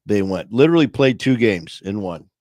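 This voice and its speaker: Man, livestream host, low voice, dry close sound, rambling, joking, casual chat. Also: expressive, moderate pace, darkish tone, no echo. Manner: rambling, joking, many fillers.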